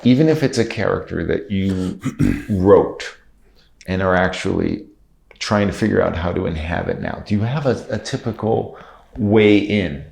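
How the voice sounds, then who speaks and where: A male podcast host asking slow, careful interview questions. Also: deep voice, gravelly, darkish tone, roomy sound.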